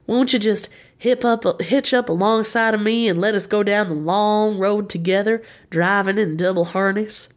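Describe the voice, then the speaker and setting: A woman's voice: mid-range voice, normal speed, few pauses, lightly acted. A woman reading the lines of an earnest young American man proposing, in a folksy, sincere way. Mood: earnest pleading.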